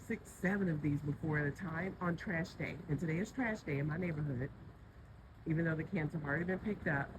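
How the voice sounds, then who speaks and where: A gardening vlogger talking aloud outdoors in their own garden, a little out of breath, chatty and startled, speaking to an animal. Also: mid-range voice. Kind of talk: casual handheld vlog commentary. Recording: outdoor audio with clear traffic noise.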